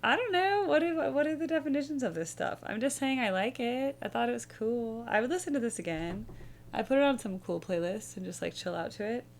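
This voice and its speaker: A woman's voice: on the high side, expressive, fairly quick, slight background noise. A young woman hosting a music reaction video, musing casually and humming bits of melody as she rambles.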